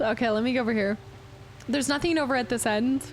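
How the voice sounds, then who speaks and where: Chatty high-voiced woman streamer. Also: quick pace, slight background noise. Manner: chatty, giggly, reads chat aloud. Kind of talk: live gameplay commentary.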